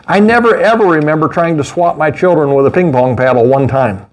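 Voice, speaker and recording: A middle-aged man preaching a sermon as pastor, animated, with mocking asides and laughter. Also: fairly high pitch, fairly quick.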